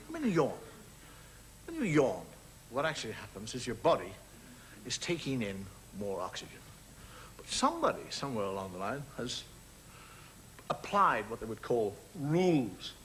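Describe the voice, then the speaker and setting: Male stand-up comic, bouncy animated delivery, confiding with a studio audience, mimes small scenes. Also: medium pitch. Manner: conversational, confiding asides to the audience; acts out little scenes with mimed sounds. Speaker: stand-up comedian. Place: television studio with live audience. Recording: noisy old television recording with audience laughter.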